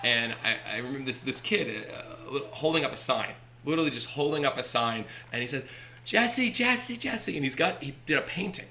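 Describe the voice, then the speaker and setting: A man's voice: mid-range voice, brisk, few pauses, slight background noise. A man, a baseball team owner, telling stories animatedly on a podcast. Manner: animated, acts out voices in anecdotes. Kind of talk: energetic storytelling on a podcast.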